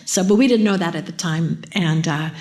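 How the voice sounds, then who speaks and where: A woman's voice: lowish voice, normal speed, darkish tone. Chatty enthusiastic woman on a panel. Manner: chatty, enthusiastic, wanders into tangents. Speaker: voice actress panel guest. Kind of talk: casual convention panel chat. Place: convention panel stage.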